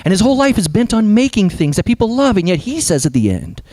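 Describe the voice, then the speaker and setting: A young adult man preaching a sermon as pastor, animated, sometimes dropping to a hush for emphasis. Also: sits high, quick pace, dry recording.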